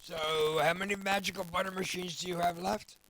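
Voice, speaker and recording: Incredulous man with a higher voice. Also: little pitch movement, a little fast, pushed and bright, slight background noise. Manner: incredulous, asks many questions. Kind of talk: casual chat.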